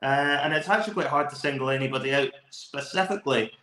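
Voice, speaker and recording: A man's voice: medium pitch, fast talker, sharp tone. A man with a Scottish accent co-hosting a football podcast, giving long, enthusiastic match analysis. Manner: talkative, enthusiastic, long flowing takes. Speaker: podcast co-host. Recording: roomy echo.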